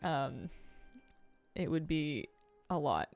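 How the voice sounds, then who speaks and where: A woman's voice: low voice, big pitch swings, slow pace, gravelly, a little mellow, no echo, soft background music. A young Canadian woman streaming, chatting casually and giggling while she reads her chat aloud.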